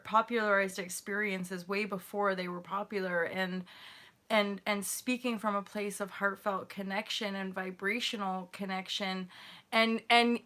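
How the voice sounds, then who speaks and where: A woman's voice: medium pitch, pushed and bright. A middle-aged woman talking on a livestream in a rambling, emotional way, full of fillers and swearing and swinging between laughter and tears. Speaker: host and founder of a spiritual movement. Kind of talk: casual livestream monologue.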